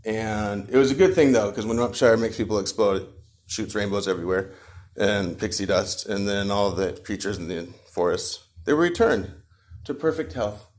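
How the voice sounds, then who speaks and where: A man's voice: lowish voice, moderate pace. Man improvising a bedtime story. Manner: casual, animated, with fillers. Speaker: parent telling a bedtime story.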